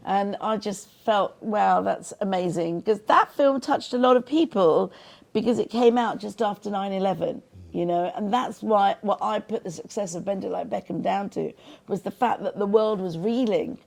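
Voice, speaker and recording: A woman's voice: medium pitch, moderate pace, creaky. A middle-aged woman, a film director and guest, talking earnestly in an interview and telling stories with quoted voices. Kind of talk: interview conversation.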